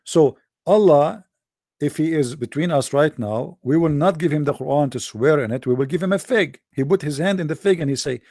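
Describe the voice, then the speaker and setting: A man's voice: fairly high pitch, moderate pace, a little mellow, no echo, studio quality. A man hosting a livestream who talks to his audience in a sarcastic, mocking way. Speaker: host.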